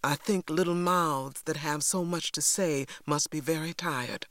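A woman voicing a firm, tired mother in an audiobook, speaking quietly with a hard, controlled edge. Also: sits low, a little slow, no room sound, clean studio sound. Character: firm, weary Southern mother. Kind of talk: audiobook character voice.

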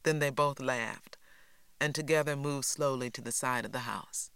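A man's voice: mid-range voice, steady tone, normal speed, sharp tone, clear, resonant tone, no echo. Man narrating an audiobook, dry sound. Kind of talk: scripted narration.

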